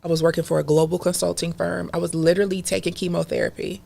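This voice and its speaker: A woman with a low, gravelly voice tells her story on a podcast. Her delivery is emphatic and animated, with plenty of fry in her tone, and she speaks in a casual, conversational way. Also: fast talker. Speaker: podcast guest.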